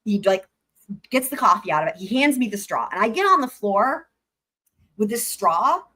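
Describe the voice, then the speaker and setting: A woman's voice: mid-range voice, very animated, moderate pace, bright, forceful tone. Chatty woman telling a story on a livestream. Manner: chatty, swears, addresses viewers, reads chat aloud. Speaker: livestream host.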